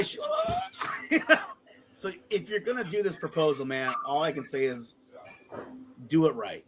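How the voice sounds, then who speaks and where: A man's voice: on the high side, expressive, normal speed, pauses often, a crowd in the background. A man co-hosting a podcast, telling a long story in casual chat, swearing freely and acting out the quotes. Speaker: podcast co-host.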